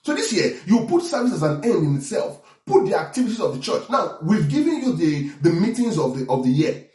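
A man preaching a sermon as pastor, animated, often checking in with the congregation. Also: high-pitched, a little fast. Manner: animated preaching with call-and-response asides. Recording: echoey room from far off.

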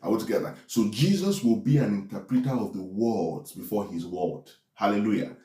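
Man preaching, low voice, mellow tone, echoey room, asks "right?" often. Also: animated, moderate pace. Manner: preaches with many "right?" tag questions. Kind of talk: sermon.

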